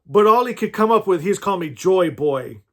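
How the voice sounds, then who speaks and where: A man's voice: high-pitched, animated, brisk, a bit bright. A man giving an informal, earnest sermon, rambling through personal stories with frequent restarts and asides to his listeners. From California, USA. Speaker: spiritual teacher.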